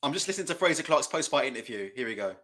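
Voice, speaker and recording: A man's voice: mid-range voice, very animated, rapid-fire, pushed and bright. A man hosting a live boxing watch-along, commentating in a casual, mocking, profane way. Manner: mocking, laughing, loose and profane.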